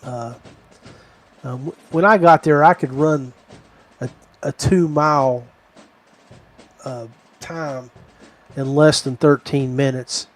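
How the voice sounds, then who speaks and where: A man's voice: mid-range voice, fairly even intonation, takes it slowly, pauses often. Rambling man telling a story. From West Virginia. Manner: rambling, digressive. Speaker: podcast host. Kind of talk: casual storytelling.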